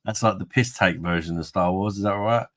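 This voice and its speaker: A man with a low, fairly bright voice speaks briskly as he reads out comments on his laid-back livestream. Beer has made him tipsy, and he jokes, wanders off topic and laughs a lot.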